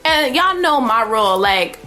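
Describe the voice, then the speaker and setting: Young woman, fairly high voice, brash and profane, animated storytelling, faint music behind. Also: measured pace. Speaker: vlogger. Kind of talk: casual storytelling.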